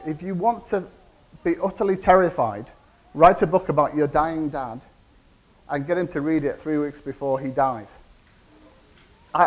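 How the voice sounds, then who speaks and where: A man's voice: a little high, low-quality recording. A man in his forties with a Cumbrian English accent, giving a conversational conference keynote and asking the audience questions. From England. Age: 40s. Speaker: keynote speaker. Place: conference hall.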